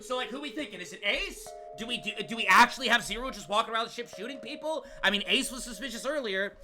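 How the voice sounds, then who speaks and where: A young male streamer reading game text aloud in a hushed low voice and breaking off into profane rants at his chat. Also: lively intonation, fast talker, hardly any pauses, music in the background.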